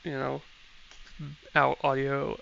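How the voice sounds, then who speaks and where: A man with a strongly gravelly, crackling voice mutters offhand comments to himself while playing a game. His tone is bright and edged. The sound comes through a dull, lo-fi headset mic with a faint hiss behind it. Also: mid-range voice, completely flat delivery, slow pace. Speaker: gamer streaming a playthrough. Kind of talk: casual gameplay commentary.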